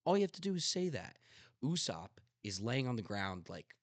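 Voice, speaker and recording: A man's voice: medium pitch, big pitch swings, moderate pace, no echo. A young man hosting a podcast in casual chat, telling a story with emphatic passion and the odd swear. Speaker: podcast host.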